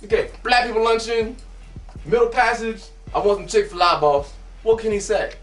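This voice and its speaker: A man performing a satirical comic monologue as host, animated and breaking into shouted bursts. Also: high voice, normal speed. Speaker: comedian host. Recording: echoey, from a distance, faint music.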